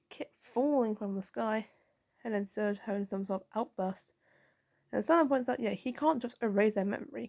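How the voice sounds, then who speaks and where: A woman with a mellow, relaxed tone that sits a little higher than most. She talks through a comic book in a casual review, walking through each panel and reading the characters' lines aloud as she goes. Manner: recaps panels and reads dialogue aloud.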